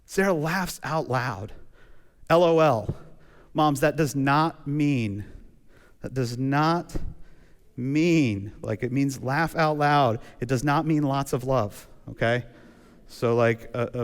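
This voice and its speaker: Male pastor, chatty storytelling sermon, mid-pitched voice, big church reverb. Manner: conversational, animated storytelling with acted quotes. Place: church sanctuary.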